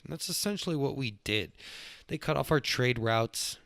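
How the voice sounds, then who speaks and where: A young man, hosting a podcast as a rambling, profane monologue that gets louder when he is worked up. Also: medium pitch, fairly quick, no echo. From Texas. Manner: profane, loose and excitable, swings up when worked up. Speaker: podcast host.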